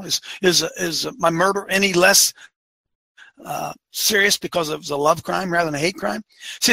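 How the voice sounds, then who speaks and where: Fiery high-pitched gravelly man ranting. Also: pushed and bright, no echo. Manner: fiery, rhetorical, hammering questions; repeats phrases for emphasis. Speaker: commentary show host. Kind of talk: opinionated monologue.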